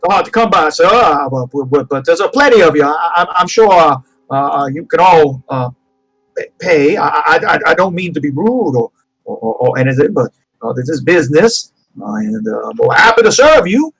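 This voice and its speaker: A man's voice: a little high, animated, normal speed, fairly bright tone, husky, faint music behind, full character voice, poor audio. A man voicing a nervous male bartender who stammers and fawns over customers. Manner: stammering, fawning.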